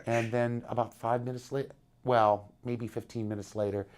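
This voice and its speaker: A man telling a long story in an interview, animated, often acting out the people he quotes. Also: lowish voice, fairly quick. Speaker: interviewed musician.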